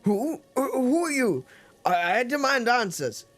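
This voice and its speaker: A man doing a wary village guard from a video game, his voice raised and lively. He starts off stern and demanding, then turns apologetic. Faint game music plays behind him. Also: on the high side, a little slow.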